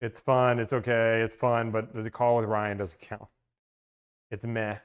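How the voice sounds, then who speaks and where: A man's voice: lowish voice, little pitch movement, unhurried, clean tone. A man hosting a casual livestream, rambling and interrupting himself as he chats with viewers about car deals. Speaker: car-buying negotiation service host.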